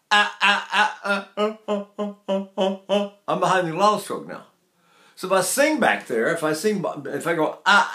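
Older guy teaching voice lessons, kinda high voice, rambly, stops to sing la la. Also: a bit bright. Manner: rambling, demonstrative, breaks into sung vowels. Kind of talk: vocal lesson with sung demonstrations. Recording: echoey room.

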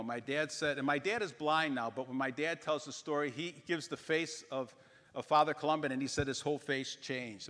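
A man giving a parish mission talk, telling a story in an animated way and acting out the voices of the people in it. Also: a little high, long reverb tail. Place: church.

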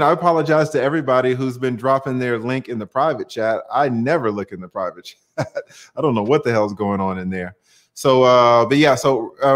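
A man hosting a live-stream panel in casual chat, animated and chatty with frequent filler sounds. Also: mid-range voice.

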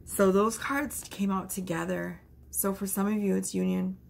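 A woman giving a casual tarot reading, chatty and animated, with lots of fillers. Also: mid-range voice, normal speed, vocal fry. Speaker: tarot reader.

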